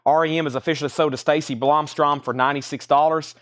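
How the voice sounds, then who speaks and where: A man hosting a live record sale, rattling off titles and prices in brisk auctioneer patter, a bit out of breath. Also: a little high, level tone, fairly bright tone.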